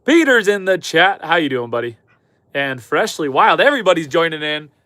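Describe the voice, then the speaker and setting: Canadian homestead guy on a livestream, stuffed up from a cold, bit higher voice, dry close sound. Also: very animated, moderate pace, sharp tone, dry recording. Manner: chatty and upbeat, talks to chat and animals. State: head cold, stuffy and slightly hoarse. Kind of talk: casual livestream chat reading viewer comments. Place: chicken coop on a homestead.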